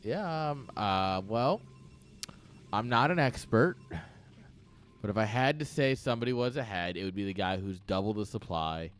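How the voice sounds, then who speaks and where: A man's voice: fairly low pitch, expressive, moderate pace. A man giving casual live commentary on a strategy game match, dry and sarcastic, rambling with lots of fillers. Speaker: esports caster.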